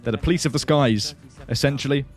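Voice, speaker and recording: A man's voice: mid-range voice, fast, faint music behind. A man hosting a flight simulator livestream, chatting casually, answering viewers and laughing often.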